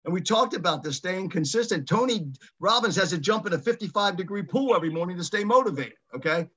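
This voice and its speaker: A man's voice: high-pitched, expressive, quick pace, bright, forceful tone, breathy edge. A man leading a motivational coaching call, emphatic and given to repeating his phrases. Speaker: real estate coach leading a mastermind call.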